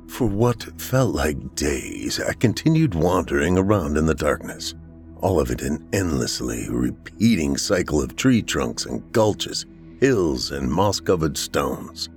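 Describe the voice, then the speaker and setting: A man's voice: rumbling low, sing-song, slow pace, faint music behind. A man narrating a first-person horror story in a dramatic way, acting out the frightened lines.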